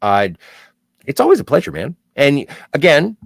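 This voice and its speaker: A man's voice: on the high side, wildly swooping pitch, normal speed, creaky, dry recording. A man from Southern Ontario hosting a casual livestream, reading viewer chat aloud with playful jokey asides. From Southern Ontario, Canada.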